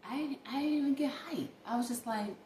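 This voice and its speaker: A young woman records a late-night vlog, talking casually and with animation directly to viewers she calls "y'all." She speaks a little fast in a high-pitched voice, and the echoey room carries faint ambient noise.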